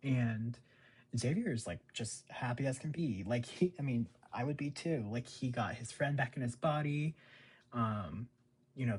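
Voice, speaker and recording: A man's voice: medium pitch, a little mellow, slightly rough. A man casually recapping a TV episode, rambling with lots of fillers. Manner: rambling, filler-heavy, chuckles often. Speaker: show recap host.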